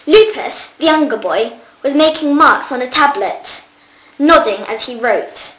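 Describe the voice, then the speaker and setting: High-voiced woman reading aloud. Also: measured pace, roomy sound, poor audio. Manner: lively, raises voice for characters' lines. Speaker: reader. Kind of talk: reading a children's book aloud.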